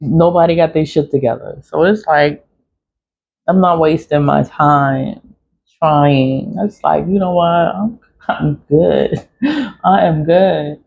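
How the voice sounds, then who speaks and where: Gravelly New woman, blunt and laughing. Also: low-pitched, slow. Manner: blunt, profane, laughs through her story. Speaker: vlogger. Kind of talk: casual confessional monologue. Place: home in the city early morning. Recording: dull lo-fi recording.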